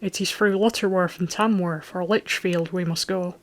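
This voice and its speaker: A cool-headed young squire from an old romance who speaks evenly and never rushes, voiced by an audiobook reader. The voice stays level and tranquil. It sounds unmoved. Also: mid-range voice, natural voice. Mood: calm. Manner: tranquil, measured, even. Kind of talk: audiobook character voice.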